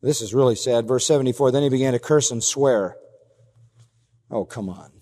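A man's voice: medium pitch, fairly even intonation, fast, warm tone. Emphatic man preaching in a reverberant hall. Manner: emphatic, acts out quoted lines in a raised voice. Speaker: pastor. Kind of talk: expository sermon.

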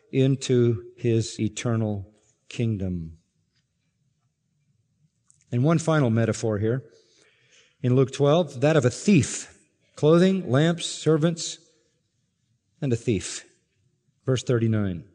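A man's voice: medium pitch, darkish tone, long reverb tail. A male pastor preaching an expository sermon, reading scripture aloud and building to emphatic peaks on key lines.

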